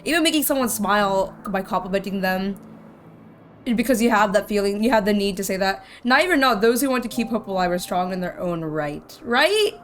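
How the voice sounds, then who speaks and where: A woman's voice: mid-range voice, animated, a little fast. A woman streamer giving casual let's-play commentary, rambling and heartfelt with lots of "like". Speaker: game streamer. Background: faint game music.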